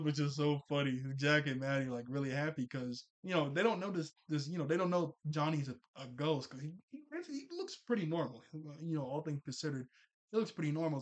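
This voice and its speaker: A young man casually recapping a cartoon episode, chatty and quick to laugh, full of fillers and restarts. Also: fairly high pitch.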